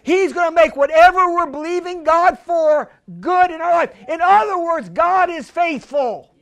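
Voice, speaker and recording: A woman preaching a sermon, emphatic, repeating key phrases and stumbling into restarts, slowing right down to stress a point. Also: very high-pitched. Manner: slows down hard to stress lines.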